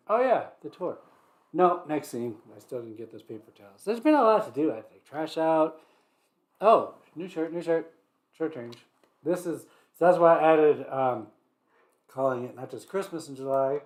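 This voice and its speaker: A man's voice: medium pitch, a little mellow. A man hosting a livestream, chatting loosely and joking, greeting viewers by name and often trailing off mid-thought. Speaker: livestream host. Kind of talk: rambling casual livestream chat.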